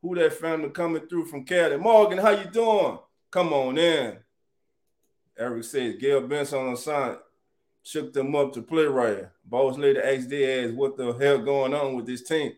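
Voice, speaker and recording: A man hosting a casual live sports chat, animated and greeting viewers by name. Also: medium pitch, moderate pace. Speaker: sports talk show host.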